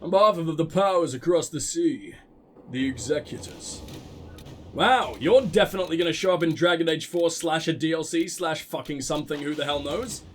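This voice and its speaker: A gaming video host with a fairly high-pitched voice commentates casually on a game he's playing at normal speed, delivering crude, sarcastic banter laced with profanity in let's play style.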